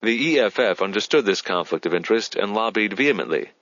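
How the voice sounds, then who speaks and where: Low-voiced male audiobook narrator. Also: dry recording, muffled recording. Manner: measured, even storytelling. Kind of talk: scripted narration.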